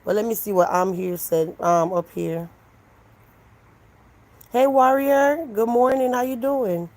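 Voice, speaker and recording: A woman's voice: a little high, takes it slowly, low-quality recording. A woman, a live stream host from Jamaica, chatting casually with her viewers and answering their messages. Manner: animated, talks back to chat, switches into mocking voices.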